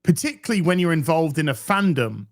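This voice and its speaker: A man ranting as a guest on a casual live stream, his pitch rising and falling in lively swings. He presses hard on his points and swears freely. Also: a little fast, no room sound, studio quality. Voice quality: heated, swearing, emphatic. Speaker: guest commentator.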